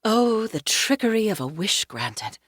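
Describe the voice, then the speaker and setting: A woman's voice: mid-range voice, big pitch swings, unhurried, no room sound, clean studio sound, voice pushed up. A woman narrator voicing a theatrical female librarian coworker who declaims grandly, like she's quoting a play. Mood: melodramatic.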